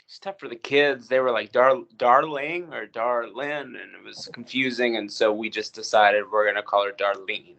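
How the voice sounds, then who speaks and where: A man in his forties, a guest on a casual podcast, talking relaxed and joking with many fillers. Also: on the low side, a little fast, creaky, few pauses, muffled recording. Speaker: actor, guest. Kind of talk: casual interview chat.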